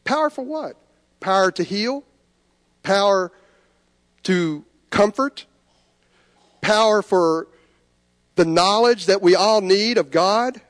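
High-voiced man preaching in a reverberant sanctuary. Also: slow, pauses often. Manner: earnest, shifts between soft pleading and lifted emphasis. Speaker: pastor. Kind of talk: sermon. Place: church sanctuary.

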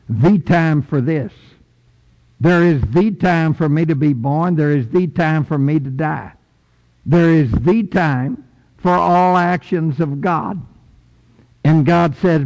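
An older man preaches from the pulpit in a high, emphatic voice. He takes his time and leans hard on key words, sometimes climbing sharply in pitch. The sound rings with a long reverb, as in a large church. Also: a little mellow, lo-fi sound. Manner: slow, emphatic preaching with rising outbursts. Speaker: pastor. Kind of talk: sermon.

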